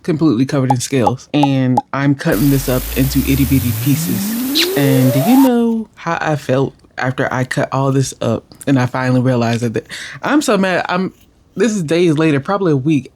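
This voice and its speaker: A young woman telling a cooking mishap in casual voice-over, animated, exasperated and poking fun at herself. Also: rumbling low, moderate pace, background noise. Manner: animated and exasperated, self-deprecating. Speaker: cooking vlogger.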